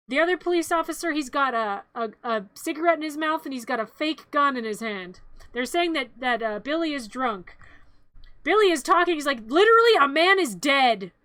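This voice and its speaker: A playful woman streamer recaps a film for laughs, wandering off into asides as she goes. Her voice is high and sharp, and it sounds close and dry. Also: no room sound. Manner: playful, rambling, self-interrupting asides. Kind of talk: comic live-stream retelling of a film.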